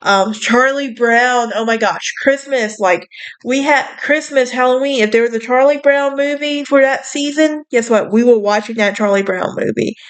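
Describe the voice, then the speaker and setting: A young woman with a Southern US accent hosts a podcast in relaxed, gossipy chat. She talks in a sassy, bubbly way and scatters fillers through her sentences. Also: a little high, normal speed, clean tone. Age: young adult. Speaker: podcast host. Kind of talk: casual chat.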